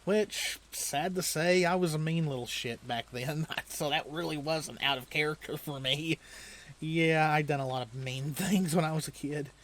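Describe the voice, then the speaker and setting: A slightly high-voiced man hosts a let's play and tells a loose, rambling story as he plays. He chuckles often and restarts his sentences as he goes. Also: normal speed, a bit bright. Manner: chuckles often while telling stories. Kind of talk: casual storytelling while playing a video game.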